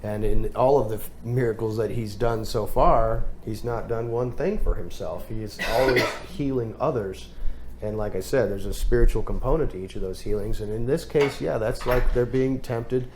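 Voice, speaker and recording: A man's voice: medium pitch, normal speed, background noise. A man leading a group Bible study discussion, talking in a thoughtful, conversational way with fillers and restarts.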